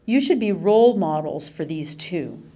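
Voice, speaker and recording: A woman reading an audiobook, voicing a bossy, falsely sweet female caretaker in a high, loud, shrill voice. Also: lively intonation, normal speed. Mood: shrill, sugary.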